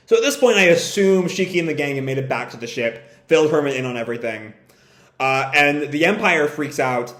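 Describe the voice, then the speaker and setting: A man reads a manga live and reacts as he goes, jumping up in pitch for each character's line and dropping into casual swearing between them. His voice sits a little high, and the room around him has a noticeable echo. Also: expressive, moderate pace, a bit bright.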